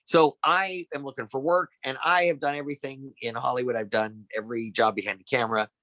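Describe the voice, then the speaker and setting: A middle-aged man, a guest actor, telling animated stories in a casual chat and acting out the voices of the people he quotes. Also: mid-range voice, brisk, dry recording, poor audio. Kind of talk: casual anecdotal storytelling.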